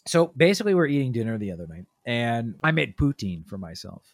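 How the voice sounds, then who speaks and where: Animated dad telling a family story. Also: male voice, fairly quick, creaky, no echo, studio quality. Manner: animated storyteller, acts out quotes with big pitch jumps. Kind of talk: casual chat.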